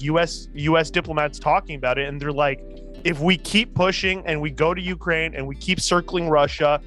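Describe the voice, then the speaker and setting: A man from Canada co-hosting a casual political chat, excitable, swearing often and restarting his sentences. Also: fairly high pitch. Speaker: podcast co-host.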